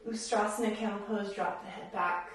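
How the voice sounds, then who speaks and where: A woman yoga instructor guiding a class, giving calm, encouraging cues paced with the breath. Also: medium pitch, moderate pace, distant mic. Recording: very echoey room, voice from off the mic.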